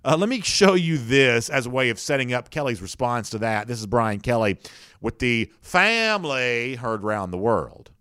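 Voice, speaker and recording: A man's voice: mid-range voice, normal speed, few pauses, a bit bright, no echo. Male sports talk host, chatty and opinionated, fillers and restarts, dry close mic. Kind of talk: casual opinion commentary.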